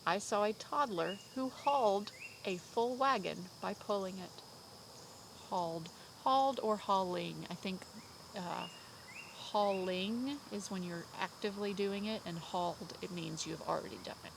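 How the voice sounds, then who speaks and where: Upbeat kindergarten teacher. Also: female voice, medium pitch, background noise. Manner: slow, clear, sing-song teacher talk with drawn-out words. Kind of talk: remote vocabulary lesson for young children. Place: at home.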